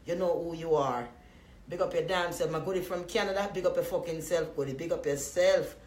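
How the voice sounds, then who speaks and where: A woman from Jamaica with a Jamaican accent, talking loudly and profanely to her live-stream viewers in a casual, rambling way, often breaking into laughter. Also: lowish voice, a little fast, roomy sound. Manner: profane, loud and animated with frequent laughs.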